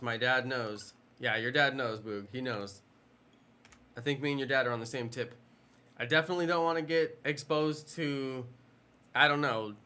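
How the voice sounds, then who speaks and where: Male game streamer, mid-pitched, bright, rambling casual banter with viewers. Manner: rambling, playful, chatting with viewers. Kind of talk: casual live stream chat.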